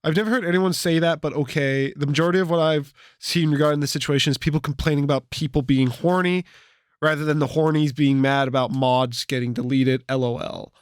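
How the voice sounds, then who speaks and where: A man's voice: fairly high pitch, fairly even intonation, a little fast, clean tone, dry recording, clean studio sound. A young man co-hosting a podcast in casual chat, teasing and sarcastic, swearing freely. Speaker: podcast co-host.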